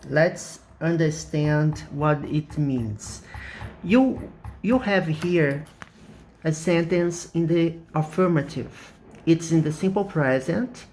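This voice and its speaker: Slow-paced Brazilian man teaching English. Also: fairly high pitch, darkish tone. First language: Portuguese. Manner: deliberate, checks in with frequent "okay?". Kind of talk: explaining grammar lesson.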